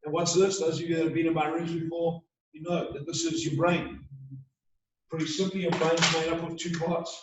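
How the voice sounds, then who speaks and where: A man gives a motivational talk from some way off the mic, his voice ringing around a very echoey room. He speaks a little higher than most men and drives his points home with emphatic, repeated rhetorical questions over a faint hiss. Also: little pitch movement, normal speed, recorded from a distance.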